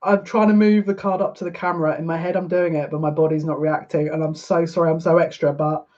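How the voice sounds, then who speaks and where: Excitable woman giving a card reading. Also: low-pitched, fast, lo-fi sound. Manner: excitable, gushing, easily overwhelmed. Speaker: psychic card reader. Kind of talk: casual live-streamed card reading.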